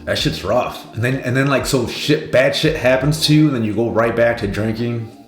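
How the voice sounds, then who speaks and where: A man's voice: medium pitch, moderate pace. A man hosting a reaction video, giving rambling, laid-back, profane commentary. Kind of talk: casual commentary. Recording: roomy sound with faint music.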